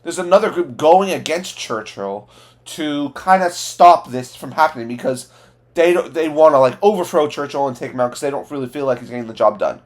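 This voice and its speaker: A man's voice: fairly high pitch, a little fast. Rambling man reviewing a movie. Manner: rambling, heavy use of "like" and "you know", frequent restarts; enthusiastic. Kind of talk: casual spoken movie review.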